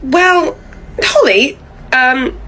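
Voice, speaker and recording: A woman's voice: sits high, animated, extremely slow, bright, forceful tone, exaggerated voice, poor audio. A woman voicing a bossy, pushy female manager who dodges blame and leans on her staff. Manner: pushy, wheedling, dodging blame.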